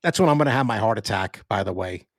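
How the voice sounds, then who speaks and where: A man co-hosting a casual sports podcast with a New York accent, talking in an animated way with frequent swearing and restarts. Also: on the low side, fast, dry recording, studio quality. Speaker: podcast co-host.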